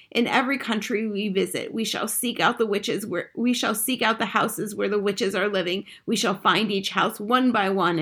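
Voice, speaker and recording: A woman's voice: mid-range voice, vocal fry, sharp tone. A woman voicing a feisty, bossy old grandmother who talks in a commanding, emphatic way in a storybook reading.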